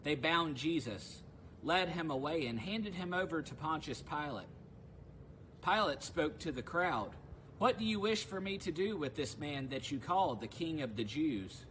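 A man's voice: on the high side, unhurried, a little hiss or hum, low-quality recording. A male pastor leading a devotional service, chatting informally before solemn scripture readings and prayers. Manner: relaxed and conversational in the opening, solemn and louder in the readings and prayers.

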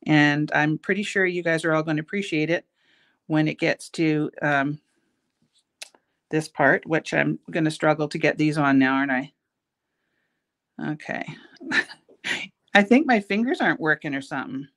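A woman's voice: low voice, moderate pace, long pauses. A middle-aged woman hosting a casual beading tutorial, chatty and self-mocking as she works. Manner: chatty, self-mocking, laughs at her own jokes. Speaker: host, bead shop owner teaching a craft.

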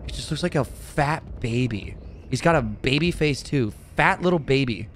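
A man streaming a video game, reacting out loud with swearing and talking to the characters on screen. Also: mid-range voice, normal speed, slight background noise. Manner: jumpy and excitable, swears, talks to game characters. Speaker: gaming streamer. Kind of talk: let's play commentary.

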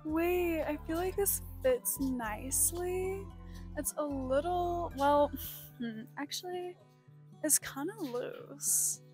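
A young Texan woman, a thrift vlogger, chats through a thrift-store vlog and voice-over in a high voice at a slow pace. She gushes in a bubbly, excited way full of exclamations while music plays behind her.

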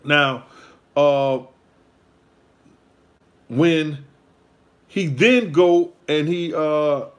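A man's voice: on the high side, very slow, long pauses. A man, hosting his own show and telling a casual story in a rambling, repetitive way full of street slang.

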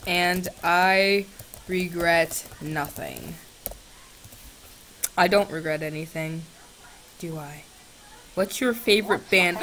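A woman's voice: on the low side, slow, pauses often, fairly bright tone, slight background noise. A young woman vlogger chatting sarcastically with a chatbot, swinging between shrieks and mutters, on a computer's built-in mic. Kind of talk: casual chat with a chatbot.

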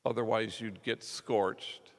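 A man's voice: lowish voice, steady tone, slow. A man preaching a sermon as a conversational story, acting out the quotes of the people in it. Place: large church. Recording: long church reverb.

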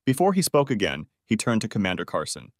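A man's voice: fairly low pitch, wildly swooping pitch, quick pace, dry recording. A man narrating a first-person story in a scripted audiobook reading on a close mic.

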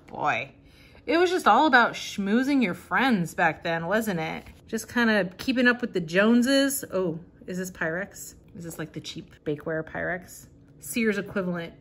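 A woman's voice: fairly low pitch, a bit bright, a little hiss or hum. Chatty, amused woman flipping a catalog. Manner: chatty and amused, laughing often and reading bits aloud. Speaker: vintage reseller and channel host. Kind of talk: casual commentary while flipping through an old catalog.

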